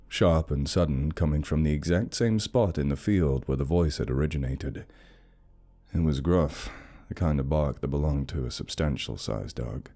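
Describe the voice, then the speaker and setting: A man reading a horror story in a slow, measured, brooding way as scripted narration. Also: very deep voice, warm tone.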